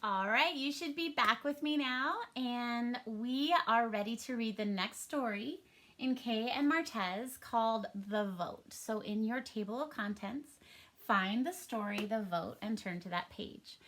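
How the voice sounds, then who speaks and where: A woman's voice: on the high side, unhurried, fairly bright tone. A woman teaching a first grade reading lesson for a home recording, upbeat and encouraging in a sing-song teacher manner.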